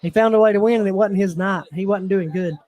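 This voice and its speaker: A man's voice: high-pitched, fairly even intonation, quick pace, highs cut off. A man hosting a casual fight watch-along, chatting and telling stories full of laughter and acted-out voices. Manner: laughs often, acts out voices in anecdotes. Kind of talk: casual chat, storytelling.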